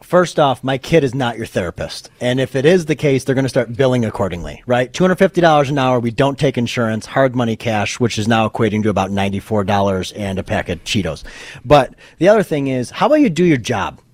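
A man's voice: mid-range voice, expressive, fast. A man co-hosting a talk show who keeps his remarks sarcastic and jokey. His voice sits in a normal middle range. The sound is dry and close with no room echo. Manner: sarcastic, joking. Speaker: podcast co-host. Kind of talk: casual political commentary.

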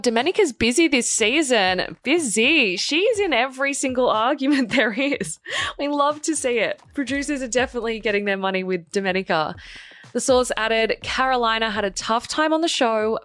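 A woman's voice: on the high side, expressive, normal speed, fairly bright tone. A young woman hosting a reality TV gossip show, reading a script with sarcastic, chatty asides.

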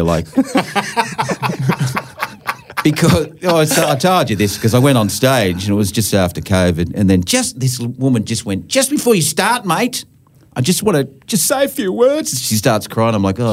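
An Australian comedian telling stories in casual podcast chat, swearing freely and laughing often. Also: male voice, lowish voice, lively intonation, moderate pace. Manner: swears a lot, laughs often, acts out quotes. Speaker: comedian guest.

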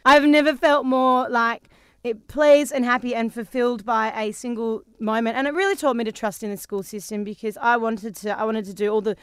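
Australian woman, thirties, podcast co-host, rapid animated storyteller, smooth dry studio voice. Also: fairly high pitch, no echo. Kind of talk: casual chat.

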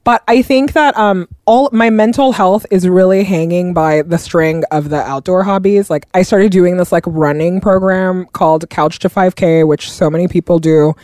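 A woman's voice: on the low side, moderate pace, hardly any pauses, dry recording. Chatty woman, dry close sound. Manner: chatty, animated storytelling with playful voices. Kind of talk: casual chat.

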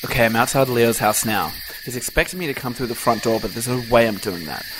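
An actor playing an earnest, lovesick radio host in a comedy radio play. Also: male voice, mid-range voice, fast, noisy background, close to an everyday voice. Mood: tense. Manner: earnest, dramatic. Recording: music playing under the voice.

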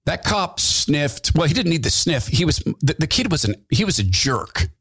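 Animated folksy man telling stories. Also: fairly high pitch, normal speed, slightly rough, dry recording, studio quality. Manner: folksy, animated storyteller acting out quotes. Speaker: radio host. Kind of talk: storytelling talk radio monologue.

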